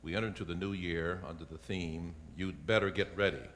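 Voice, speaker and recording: A man, a pastor, delivering a sermon and building to loud, emphatic preaching. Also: low-pitched, fairly even intonation, a little fast, slight background noise.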